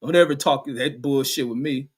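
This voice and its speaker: A man's voice: medium pitch, moderate pace, breathy edge. A middle-aged man hosting a live stream, reading viewer comments aloud and answering them in an angry, profane rant. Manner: angry, combative, reads viewer comments aloud then fires back; heavy cursing, slangy street talk. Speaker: show host reading chat comments.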